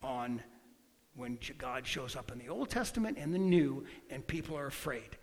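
A man preaching a sermon, emphatic, swinging between loud bursts and quiet asides. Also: medium pitch, moderate pace. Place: church hall. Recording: long hall reverb.

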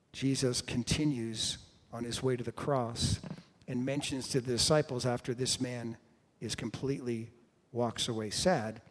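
A man preaching a sermon, retelling stories and acting out the people in them, now and then breaking into a shout. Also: mid-range voice. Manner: storytelling, acts out quoted voices with sudden shouts. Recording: long hall reverb.

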